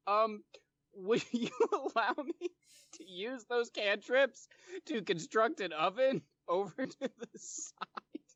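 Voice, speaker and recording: A man playing a tabletop role-playing game, talking in a halting way with many fillers. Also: high voice, animated, fairly bright tone, no echo. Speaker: player. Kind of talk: tabletop role-play, casual.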